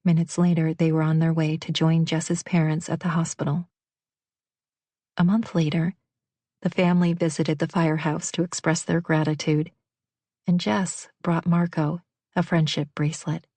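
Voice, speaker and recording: A woman narrating a romance audiobook in an even, measured storytelling manner on a close studio mic. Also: sits low, no echo.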